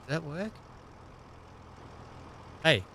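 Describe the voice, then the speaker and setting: A man talks casually through a live gaming stream. He chats with viewers and calls on them by name between tasks. His voice is bright and forceful, with a faint hiss of noise behind it. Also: on the high side, big pitch swings, very slow. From Australia. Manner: chatty, greets and questions chat viewers by name.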